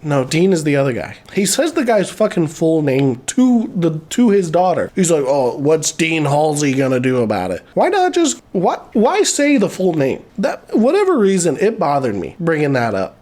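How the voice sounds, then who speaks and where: A man's voice: on the high side, huge pitch swings, moderate pace, few pauses, darkish tone. A man recapping a movie plot in a casual, rambling and profane way. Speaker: movie reviewer.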